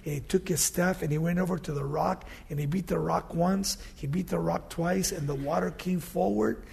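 Brief: male pastor, sermon, husky and gravelly, loud scripture reading broken by low asides. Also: moderate pace. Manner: swings from loud emphatic scripture reading to quiet conversational asides.

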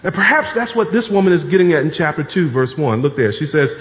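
A pastor delivering a sermon in a conversational style, often repeating key phrases for emphasis. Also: male voice, a little high, big pitch swings, fast talker, few pauses. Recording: reverberant hall, dull lo-fi sound.

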